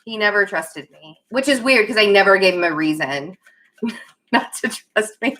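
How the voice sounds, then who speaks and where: A woman's voice: mid-range voice, normal speed, fairly bright tone. A woman giving a casual tarot reading, rambling and giggling, often stopping to apologize. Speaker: tarot reader.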